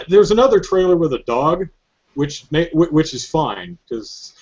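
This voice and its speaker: A male podcast host with a fairly high voice, retelling things in an animated, joking way. The audio is dull and lo-fi. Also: normal speed. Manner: animated, joking storytelling with frequent laughs. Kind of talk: casual chat.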